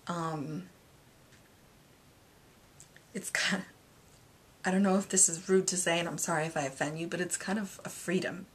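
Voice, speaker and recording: A woman's voice: lowish voice, steady tone, normal speed, pauses often, a little hiss or hum. Candid rambling woman in her thirties. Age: 30s. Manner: rambling, candid, hesitant with many fillers. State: emotional, near tears at moments. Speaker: vlogger. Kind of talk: personal confessional vlog.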